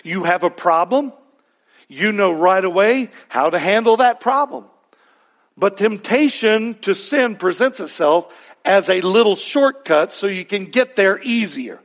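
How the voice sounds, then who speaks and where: A man in middle age delivers a sermon in a high voice. He keeps it casual and conversational, throwing rhetorical questions at his listeners and fixing his words as he speaks. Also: animated, unhurried. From Texas. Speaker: pastor.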